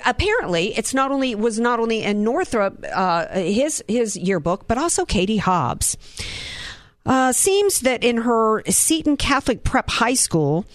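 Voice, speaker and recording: A woman's voice: fairly high pitch, no room sound. Indignant woman political commentator. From Southern United States. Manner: indignant, fires off rhetorical questions.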